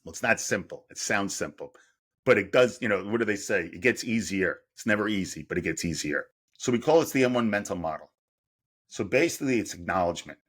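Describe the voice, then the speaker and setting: A man's voice: fairly low pitch, animated, quick pace, a bit bright. A middle-aged man, a mental performance coach, explaining his method in an interview and asking himself rhetorical questions as he goes. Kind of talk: podcast interview answer.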